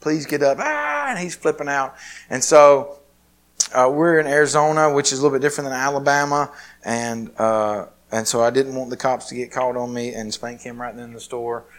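A man's voice: medium pitch, fairly even intonation, a little fast, fairly bright tone. A man preaching a sermon, telling a personal story in a conversational, self-deprecating way. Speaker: pastor.

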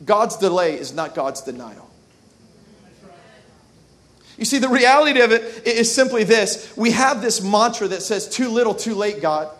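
A man's voice: high-pitched, expressive, a little slow, pauses often, a bit bright. A male pastor giving an impassioned sermon, calling out to the congregation to repeat words and answer back. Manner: impassioned preaching with call-and-response.

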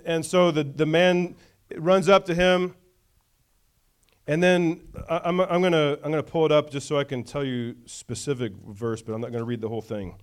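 A man's voice: fairly high pitch, clean tone. A male pastor preaching a conversational sermon, often checking in with the congregation.

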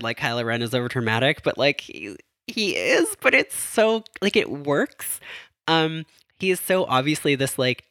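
A man's voice: medium pitch, pushed and bright, no echo, clean studio sound. A man hosting a casual solo podcast, recapping film scenes in a rambling, chatty way, full of fillers and self-corrections. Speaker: podcast host.

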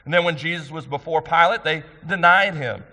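A man's voice: on the high side, brisk, bright, forceful tone. A middle-aged man pastor delivering an earnest, emphatic sermon, asking the congregation questions. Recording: long hall reverb.

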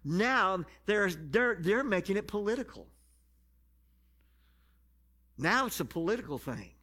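A man preaching a sermon, stretching key phrases and building up to shouted passages. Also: high voice, big pitch swings. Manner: drawn-out emphatic phrasing.

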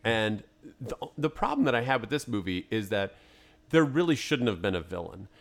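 A man's voice: lowish voice, big pitch swings, normal speed. A man co-hosting a podcast in a studio, thinking aloud and arguing his take on a film in casual chat. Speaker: podcast co-host. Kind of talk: casual movie review chat.

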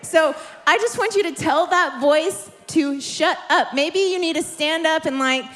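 High-voiced woman preaching with passion. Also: a little slow. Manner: impassioned, repetitive, building to shouts. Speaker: preacher giving prophetic words. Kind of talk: charismatic sermon. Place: church service in a warm room.

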